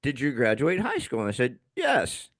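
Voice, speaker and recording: Gravelly-voiced man with a lively lilt. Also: medium pitch, normal speed, no room sound. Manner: laid-back, laughs often, acts out voices. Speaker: podcast host. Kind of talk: casual storytelling.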